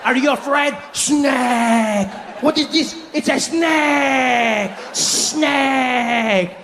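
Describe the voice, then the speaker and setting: A man's voice: very high-pitched, very slow, crowd noise, background noise, voice pushed up, heavily acted. A man putting on a mocking tourist. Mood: mocking, shouting. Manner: teasing, repetitive, shouty. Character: pushy mocking middle-aged French tourist man.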